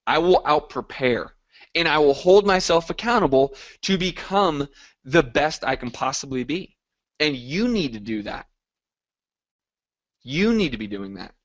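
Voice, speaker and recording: A man's voice: a little high, expressive, a little slow, lo-fi sound. A man hosting a live group coaching call, talking in an upbeat, motivational way and reacting to listeners by name.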